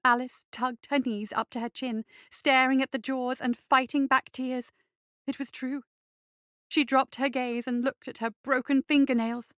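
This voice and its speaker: A woman reading a fantasy story aloud in measured, even scripted narration. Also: high voice, no echo, clean studio sound. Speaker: reader.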